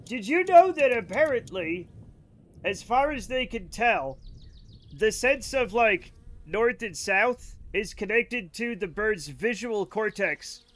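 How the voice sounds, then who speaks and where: High-voiced, excitable male streamer. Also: slow pace. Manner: rambling, excitable, swears freely, mock-angry at chat. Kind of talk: casual live-stream chat while gaming.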